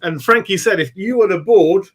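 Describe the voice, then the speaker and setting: A man's voice: sits high, moderate pace. A man giving a post-match fan reaction, thinking aloud and hedging his views with I don't know. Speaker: football fan pundit.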